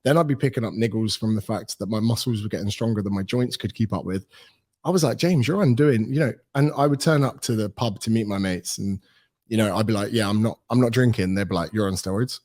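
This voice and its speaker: A fast-talking man with a lowish voice, he's a British personal trainer in his thirties giving a casual podcast interview. His storytelling is animated, and he voices the dialogue he recounts.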